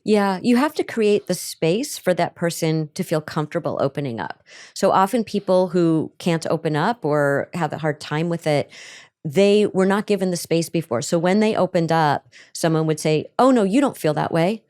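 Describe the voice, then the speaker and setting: A middle-aged woman therapist answering questions on a podcast, animated and acting out the voices she quotes. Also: fairly low pitch, moderate pace.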